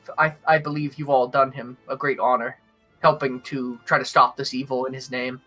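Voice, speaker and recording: A man voicing a gracious noblewoman hostess in a tabletop game, polite and halting, with many restarts. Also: medium pitch, level tone, sharp tone, soft background music, voice pushed down. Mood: earnest. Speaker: non-player character.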